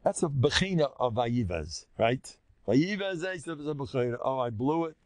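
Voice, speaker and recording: Older rabbi giving a lecture, pitch jumps all over, acts out the voices in your head. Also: male voice, normal speed, no room sound. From United States. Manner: animated, acts out inner voices, mixes in Hebrew and Yiddish terms. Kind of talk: Torah lecture.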